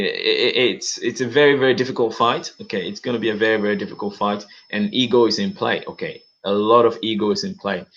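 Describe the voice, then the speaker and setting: Low-ish guy ranting through news commentary, says okay a lot, dull lo-fi audio. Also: a bit bright. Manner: emphatic, repeats words and peppers talk with "okay". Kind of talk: casual video commentary.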